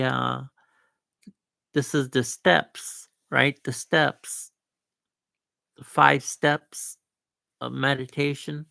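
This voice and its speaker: A man with a deeply gravelly, creaky voice hosts a live stream, talking in a slow, meandering way. His tone is bright and forward, and the sound is close and dry. He stumbles and restarts often but asserts himself with easy confidence. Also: dry recording. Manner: rambling, with self-assured asides and many restarts. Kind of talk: casual live-stream chat.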